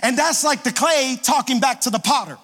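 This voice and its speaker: A man preaching a sermon as a pastor, animated, with a sing-song cadence and call-and-response to the congregation. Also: extremely high pitch, fairly quick, faint music behind. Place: church sanctuary. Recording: reverberant hall.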